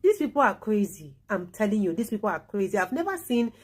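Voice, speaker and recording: A woman's voice: medium pitch, sing-song, quick pace. Chatty woman vlogger, repeating for emphasis. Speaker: vlog host. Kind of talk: casual commentary to camera.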